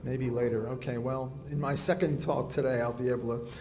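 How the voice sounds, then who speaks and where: A man with a weak, soft voice giving a classroom economics lecture, often stopping to restart and rephrase as he walks around the room. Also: mid-range voice, fairly even intonation, crowd noise. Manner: halting, often restarts and rephrases mid-sentence. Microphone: recorder clipped on, kept in pocket.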